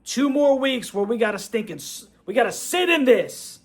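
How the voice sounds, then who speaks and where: Fired-up fan venting. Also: male voice, very high voice, big pitch swings, moderate pace. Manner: fired-up venting, repeats himself, "bro" and "man". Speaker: fan channel host. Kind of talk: ranting fan reaction vlog.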